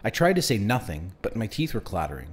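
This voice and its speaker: A man's voice: on the low side, very animated, quick pace, breathy edge. A man reading a novel aloud in the first person, telling the story expressively. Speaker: audiobook reader.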